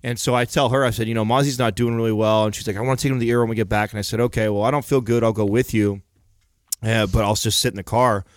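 A man's voice: fairly low pitch, fairly even intonation, very fast, dry recording, clean studio sound. A man telling a long story in casual chat, rambling and swearing freely as he goes.

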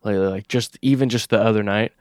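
Low dry-sounding guy cohosting a podcast, rambly and cussing a lot. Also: fast, a little mellow, dry recording. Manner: swearing, rambling storytelling. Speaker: podcast co-host. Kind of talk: casual chat.

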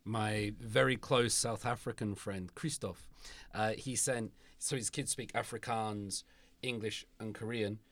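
A man's voice: lowish voice, steady tone, a little slow, a bit bright. A man hosting an interview, asking long, stacked questions in a casual, chatty way. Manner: asks rambling, stacked questions. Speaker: interview host. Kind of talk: casual conversation.

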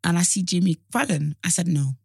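A young woman with an Essex accent telling an animated story in casual chat, swearing and acting out what people said. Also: fairly low pitch, a little fast, vocal fry, breathy edge, dry recording, clean studio sound. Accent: Essex English. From Essex, England. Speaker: guest.

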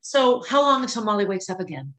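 A middle-aged woman hosting a podcast, telling a personal story with emotion, at times near tears, with pauses and restarts. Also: mid-range voice, big pitch swings, fairly bright tone, poor audio. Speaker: podcast host. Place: indoors, filming herself.

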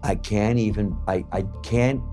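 A middle-aged man giving an emotional personal testimony as an interviewee, blunt and profane, halting often with fillers. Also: on the low side, dark tone, faint music behind.

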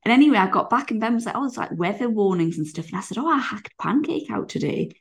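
A woman's voice: medium pitch, animated, quick pace, creaky. Sweary woman telling anecdotes. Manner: rambling anecdotes, sweary, acts out quotes. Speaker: podcast co-host. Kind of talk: casual chat.

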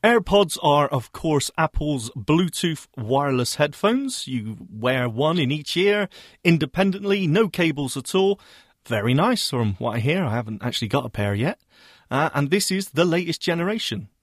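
A man's voice: fairly high pitch, very animated, normal speed, no echo, studio quality. A man co-hosting a tech radio show in casual chat, teasing his partner and laughing often. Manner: jokey, teasing banter with frequent laughs.

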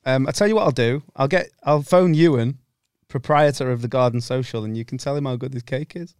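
A man's voice: mid-range voice, fairly quick, a little mellow, clean tone, dry recording, clean studio sound. A man, co-hosting a comedy podcast, bantering crudely and laughing often. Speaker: podcast co-host. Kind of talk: casual comedy podcast chat.

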